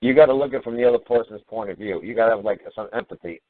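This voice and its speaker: A man's voice: lowish voice, very fast, slight background noise. A man hosting a call-in radio show, scolding and mocking his caller in a profane rant. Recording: tinny phone-line radio audio.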